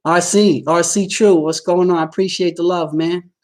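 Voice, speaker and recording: A man's voice: high-pitched, fairly even intonation, moderate pace, a little mellow. A man hosting a livestream and answering viewer comments, swearing a lot and talking straight to his audience in a boastful, streetwise way. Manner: talks straight at viewers, often asking if they follow. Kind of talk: casual livestream chat.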